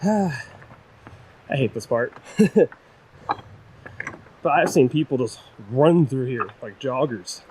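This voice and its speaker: Speaking slowly with long pauses yet animated, a young man narrates a casual vlog while hiking a rocky trail, out of breath, talkative and self-mocking. His pitch is medium. The camera-mounted shotgun mic records outdoors with wind behind him.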